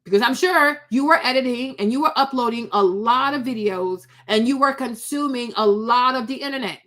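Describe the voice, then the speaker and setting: A woman with a high voice gives blunt, sassy reaction commentary as a vlogger. She scolds with pointed rhetorical questions and a no-nonsense edge. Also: brisk, fairly bright tone.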